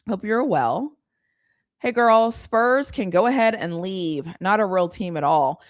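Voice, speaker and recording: A woman's voice: medium pitch, big pitch swings, unhurried, no echo, studio quality. A woman hosting a live stream, chatting casually and ranting with exasperation, laughing often. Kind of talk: casual live sports chat.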